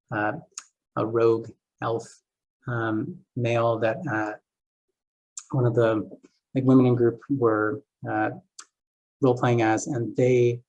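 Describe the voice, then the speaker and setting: A man's voice: mid-range voice, creaky, a little mellow, low-quality recording. A man who runs therapy groups as a game master, giving a casual seminar talk full of "like" and "uh" fillers. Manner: casual, filler-heavy, many "like" and "uh". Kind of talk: seminar lecture.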